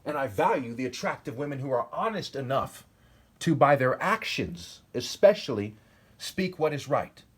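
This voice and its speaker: Alone on camera, a self-styled preacher in his forties reads out verses, then rants about them in a combative, insulting way, pushing his point with a repeated "okay?". His husky, slightly rough voice is mid-range and sing-song, moving at a moderate pace.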